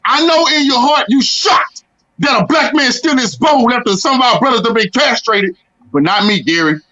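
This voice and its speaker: A man's voice: very high-pitched, normal speed, sharp tone. A man from Texas, a panel guest, arguing in a confrontational, boastful way and repeating his opponent's name. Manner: confrontational, boastful, keeps hammering the other man's name. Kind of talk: heated panel argument. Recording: dull lo-fi audio.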